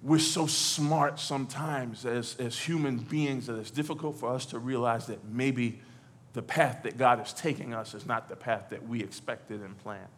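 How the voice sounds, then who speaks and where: A man preaching a lively sermon in church, swinging from near shouts to low, quiet lines, with stammered repeats and playful asides. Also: normal speed, husky. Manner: animated, rises to shouts and drops low.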